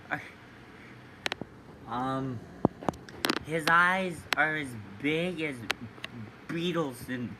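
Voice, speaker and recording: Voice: mid-range voice, very noisy. A vlogger rambling through a silly made-up story with lots of ums and asides. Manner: silly, rambling, many fillers.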